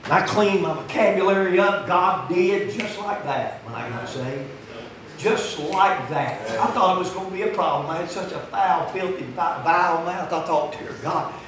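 A preacher in his fifties with a fairly high voice, heard in a very echoey church from some way off the mic. He swings from hollered lines to hushed asides. Faint room sound sits behind him. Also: normal speed, recorded from a distance, crowd noise. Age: 50s. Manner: swings from shouting to low, quiet asides. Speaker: pastor. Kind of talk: fiery sermon. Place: church sanctuary.

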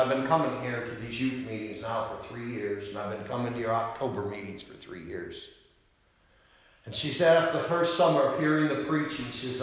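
A middle-aged male pastor preaching a revival sermon, telling a story with fervor, rising to loud declarations and dropping to hushed quotes. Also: medium pitch, slight background noise. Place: large church sanctuary. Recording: very echoey church hall reverb.

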